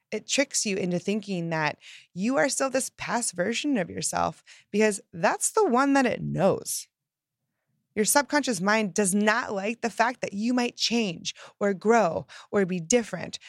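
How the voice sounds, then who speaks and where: A woman giving an upbeat motivational self-help talk, emphatic and lively, acting out the phrases she quotes. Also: mid-range voice, dry recording, clean studio sound. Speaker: self-help podcast host.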